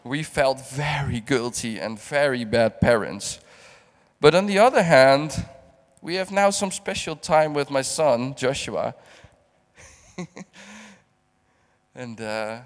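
A middle-aged man from the Netherlands preaching a heartfelt sermon, often repeating and restarting his words. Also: medium pitch. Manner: halting, repeats words, emotional testimony. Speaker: guest preacher. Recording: long hall reverb.

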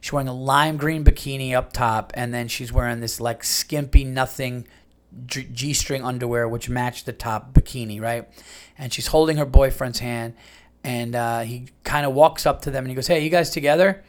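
A man's voice: medium pitch, moderate pace. A man hosting a podcast, telling a long story in a loose, rambling way with lots of fillers and restarts. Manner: animated retelling with many fillers and restarts. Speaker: podcast host. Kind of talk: casual storytelling.

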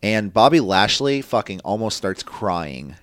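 An animated man with a low voice that swings widely in pitch, chatting casually on a podcast. He swears freely and acts out quotes. The recording is dry and close. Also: measured pace, clear, resonant tone, no room sound. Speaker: wrestling podcast co-host. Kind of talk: casual chat.

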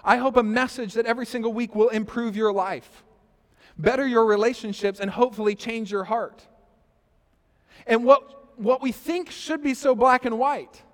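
A man in his thirties preaching a sermon, telling a personal story with quoted asides and loudness that rises and falls. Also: very high voice. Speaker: pastor. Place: church sanctuary. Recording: reverberant church hall.

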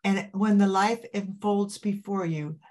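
A woman's voice: mid-range voice, fairly even intonation, measured pace, darkish tone. Effusive older woman podcast host. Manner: effusive, gushing, preachy. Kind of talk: enthusiastic interview chat. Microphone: video call.

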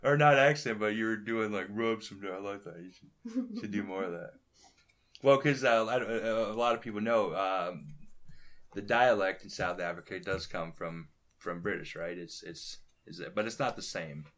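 A man's voice: on the low side, lively intonation, moderate pace, a bit bright. A man hosting a podcast in casual chat, curious and asking his guests many questions.

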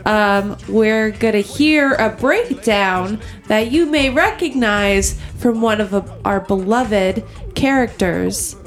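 A woman's voice: mid-range voice, slow pace, few pauses, faint music behind. A woman chatting casually as a podcast host, giggly and rambling with many fillers. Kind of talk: casual chat.

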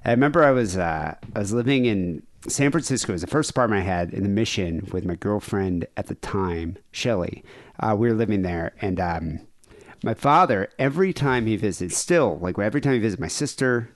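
Animated man telling a rambling story. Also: fairly quick. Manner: rambling, laughing, acts out quotes in a high voice. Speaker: podcast host. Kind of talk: casual storytelling chat.

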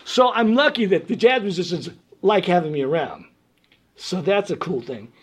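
Brief: New York-born male guest, animated storyteller, slightly higher-pitched voice. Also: normal speed, breathy edge. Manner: animated, chatty, laughs often. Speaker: guest musician. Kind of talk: casual interview storytelling.

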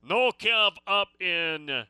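A man's voice: high-pitched, animated, extremely slow, sharp tone, smooth, no echo. A man hosting a sports call-in radio show, talking casually and rambling between stories and listener messages.

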